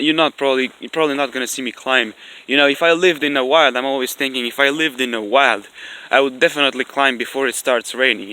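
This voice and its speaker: A man's voice: mid-range voice, sharp tone. A man vlogging outdoors into his camera in a rambling, argumentative way, repeating himself and swearing when annoyed. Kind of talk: rambling outdoor vlog rant. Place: outdoors, in the rain. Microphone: camera mic.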